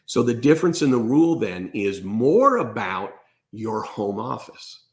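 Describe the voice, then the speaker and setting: A man's voice: medium pitch, sing-song, unhurried. Blunt, emphatic male accountant. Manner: emphatic and blunt, repeats "okay?". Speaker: host and accountant. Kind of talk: direct-to-camera tax advice.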